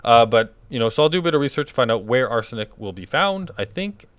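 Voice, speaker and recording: A man's voice: medium pitch, very animated, quick pace, fairly bright tone, no room sound. A man hosting his own gaming channel, talking casually over gameplay and thinking aloud with fillers.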